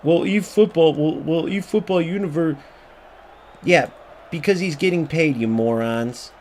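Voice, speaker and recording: A man's voice: on the high side, a little slow, slight background noise. A man giving ranting gameplay commentary, angry and profane, repeating himself and mocking other players. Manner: mocking voice when quoting others. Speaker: gaming YouTuber.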